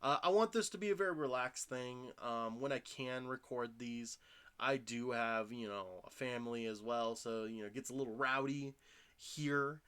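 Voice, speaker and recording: A man's voice: medium pitch, moderate pace, a bit bright, smooth. A man in his thirties hosting a casual solo podcast from home, tired from little sleep and talking in a loose, rambling way full of fillers and restarts. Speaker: podcast host. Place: home room.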